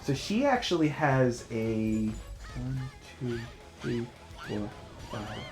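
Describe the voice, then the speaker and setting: A man's voice: mid-range voice, sing-song, slow, roomy sound, soft background music. Laughing man explaining a game. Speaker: gameplay host. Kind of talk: casual gaming chat.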